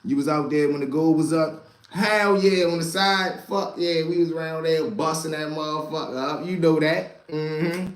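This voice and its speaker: A man telling street stories to a live chat, animated and profane, talking straight to his listeners as y'all. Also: fairly high pitch, normal speed, echoey room. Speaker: storyteller and stream host.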